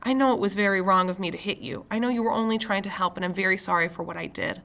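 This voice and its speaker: A young boy pouring out earnest apologies, voiced by a woman reading aloud. The tone is bright and eager to please. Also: mid-range voice, fast talker, vocal fry. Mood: pleading.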